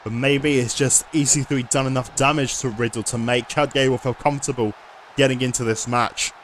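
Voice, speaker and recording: A man giving lively play-by-play commentary over a wrestling video game, often bursting into loud excited shouts. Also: mid-range voice, a little fast, slight background noise.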